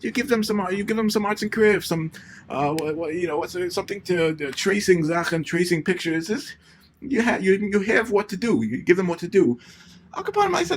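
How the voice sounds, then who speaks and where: Fast-talking rambling man, lively pitch. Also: slight background noise. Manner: rambling, stammering, boastful advice. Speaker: comic playing a marriage-class rabbi. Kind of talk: comedic monologue in character.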